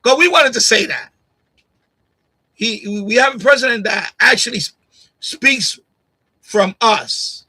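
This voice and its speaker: A man's voice: extremely high pitch, animated, takes it slowly, long pauses, pushed and bright, husky, low-quality recording. A man hosting a live stream, ranting straight at a viewer in a combative, repetitive way on a USB condenser mic at home. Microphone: USB condenser mic on boom arm.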